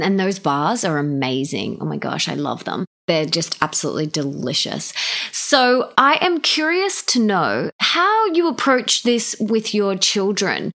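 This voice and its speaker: A woman's voice: on the low side, a bit bright. A woman hosting a podcast interview, enthusiastic as she asks long questions. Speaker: podcast host. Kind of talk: casual interview. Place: podcast studio.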